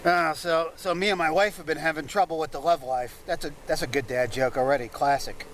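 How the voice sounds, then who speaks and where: Deadpan man doing street stand-up. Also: a little high, fairly quick, rough recording. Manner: deadpan, muttering asides between jokes. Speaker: street comedian. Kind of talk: stand-up one-liners. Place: outdoors on a city street. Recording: street recording with loud traffic noise. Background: traffic noise, passing vehicles.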